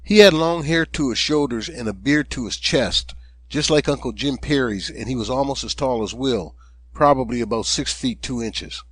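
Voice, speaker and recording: A man narrating his own audiobook in a steady, measured way, recorded close to the microphone. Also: mid-range voice, husky, no echo. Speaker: author and narrator.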